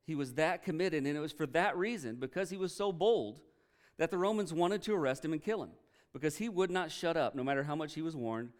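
A male pastor preaching a sermon, telling a story earnestly and with feeling, often pausing to react. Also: fairly high pitch. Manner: earnest storytelling, emotional, retells quotes with energy.

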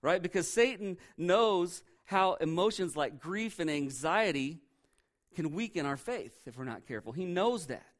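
A man's voice: high voice, lively intonation, normal speed. A male pastor preaching a sermon in a church, conversational and full of rhetorical questions.

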